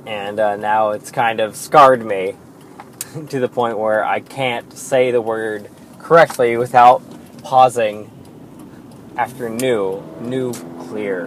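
A man talks through a solo podcast in an unhurried, drawn-out way, rambling and poking fun at himself, with plenty of filler words. His voice sits at an ordinary pitch. A steady hiss of background noise runs under the recording. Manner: rambling, self-deprecating, with frequent fillers and swearing; slow and drawn-out. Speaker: podcast host. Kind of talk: casual solo podcast monologue.

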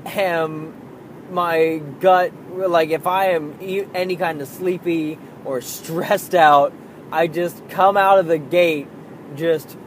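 A young father speaks frankly about raising his daughter, slipping easily into swearing. His voice sits slightly high for a man and he takes his time with each thought. A faint steady hum runs underneath the recording. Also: slow pace, long pauses, rough recording. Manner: candid, swears freely, acts out his own outbursts. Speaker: parent talking about raising a child. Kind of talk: casual monologue.

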